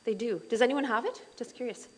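A middle-aged woman leading a Bible study group in a chatty, animated way, full of asides and fillers. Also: fairly high pitch, fast talker, rough recording.

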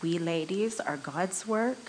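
A woman giving a personal devotional talk to a women's group, telling a story earnestly and often laughing softly mid-sentence. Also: lowish voice, slow, a little hiss or hum, poor audio. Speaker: women's ministry speaker.

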